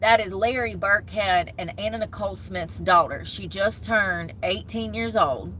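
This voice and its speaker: A chatty young woman talking straight to her camera, gossiping and rambling in a bright, forceful voice. She sounds like she is sitting in her car, with a faint hiss of noise under her. She talks in a loose, easygoing way and keeps turning to her viewers. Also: medium pitch, unhurried, low-quality recording. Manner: chatty, gossipy, talks with her hands in words like "y'all" and "homegirl". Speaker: vlogger. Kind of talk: casual chat to camera.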